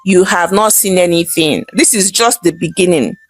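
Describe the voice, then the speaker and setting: A woman's voice: lowish voice, moderate pace, husky, no echo, soft background music. A woman with a Nigerian accent voicing a scorned young wife who speaks in a mocking, bitter way.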